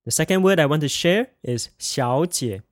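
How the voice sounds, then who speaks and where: A man teaching a pronunciation lesson, spelling sounds out and having the listener repeat each word after him with slow, careful enunciation. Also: a little high, animated, no room sound, studio quality. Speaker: language teacher.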